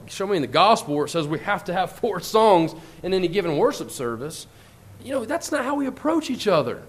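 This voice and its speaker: Delivering a church lesson with earnest emphasis, a preacher takes scripture slow and measured. When quoting what others said, he lifts his voice higher.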